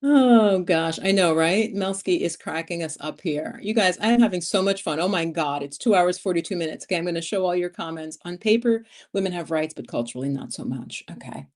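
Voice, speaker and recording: A woman's voice: lowish voice, a little fast, hardly any pauses. A woman in her fifties hosting a casual livestream, chatting and laughing as she reads viewer comments. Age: 50s. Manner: chatty, laughs often, animated storytelling. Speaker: livestream host.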